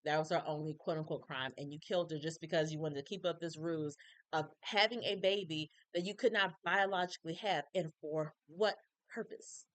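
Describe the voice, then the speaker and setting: Frank, animated woman recapping a documentary. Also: low voice, fairly quick, dry recording. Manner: frank and animated, acts out quoted people. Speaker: recap video host. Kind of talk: casual opinionated commentary.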